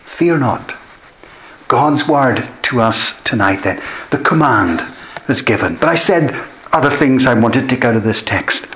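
Earnest preacher in an echoey church. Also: male voice, mid-range voice, animated, moderate pace, fairly bright tone, slight background noise. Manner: earnest, emphatic, repeats key phrases. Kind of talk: sermon. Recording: echoey room.

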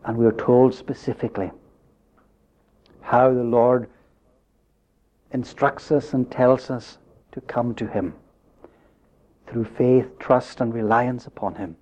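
A man preaching a sermon, building up to emphatic questions and dropping his voice low at the end of phrases. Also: a little mellow. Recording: dull lo-fi recording.

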